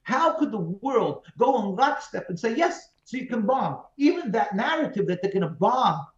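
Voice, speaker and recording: A man's voice: extremely high pitch, very animated, normal speed. A man, a rabbi as interview guest, giving emphatic, pleading answers full of repeated phrases over a video call. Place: remote call from home. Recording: roomy, dull video-call audio.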